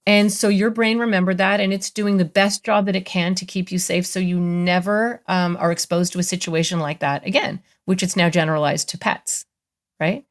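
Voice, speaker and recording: A woman therapist, a guest on a podcast, explaining ideas in an animated way and acting out inner voices with playful jumps in pitch. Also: moderate pace. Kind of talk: conversational podcast interview.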